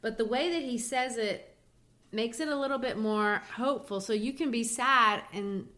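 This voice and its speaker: A woman explains poetry on a literature podcast in a relaxed, chatty way. She is lively, animated and laughs lightly now and then as she talks. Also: on the high side, normal speed. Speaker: podcast co-host. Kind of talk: casual literature discussion.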